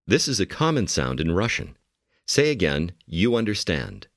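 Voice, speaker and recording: A man giving calm, measured instructions as the narrator of a language course. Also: low voice. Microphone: studio mic.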